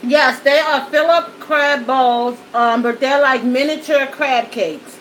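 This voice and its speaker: A woman's voice: sits high, takes it slowly, fairly bright tone, a little hiss or hum, rough recording. A woman vlogger chatting folksily to her viewers while eating, at home in front of a backdrop and studio lights. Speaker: mukbang vlogger.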